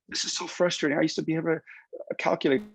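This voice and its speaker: A man's voice: on the high side, flat delivery, quick pace, creaky, slightly rough, no room sound, pitched above the performer's own voice. A man voicing a frustrated injured patient who whines and pleads about not healing. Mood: exasperated. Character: whiny frustrated injured patient, exasperated complainer. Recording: dull lo-fi webinar audio.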